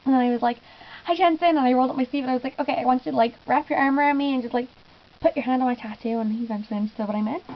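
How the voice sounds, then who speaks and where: A woman's voice: sits high, lo-fi sound, a little hiss or hum. A young woman telling a giggly, gushing story in a casual vlog, often acting out what she said. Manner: gushing, giggly, lots of "I was just like". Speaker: fan vlogger.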